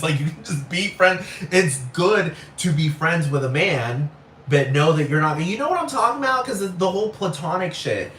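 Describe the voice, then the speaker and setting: A man's voice: on the high side, a bit bright, a little hiss or hum. A man hosting a solo podcast, rambling and cursing in a casual rant, constantly asking whether the listener gets what he means. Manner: rambling, profane, keeps asking "you know what I'm talking about". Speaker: podcast host. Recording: echoey outdoor recording with crickets.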